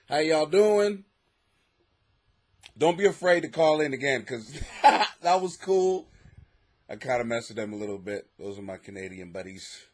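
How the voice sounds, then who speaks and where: An American man hosting a casual comic podcast from his basement, rambling and swearing, laughing often and swinging between mutters and near-shouts. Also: high-pitched. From United States. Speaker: podcast host, struggling comic. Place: home basement.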